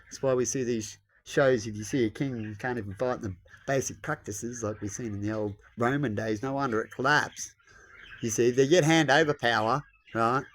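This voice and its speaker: A vlogger with a medium-pitched, fairly bright male voice talks at a moderate pace. He rambles bluntly through a casual monologue, lecturing his listener, tossing in tag questions and a bit of mild swearing.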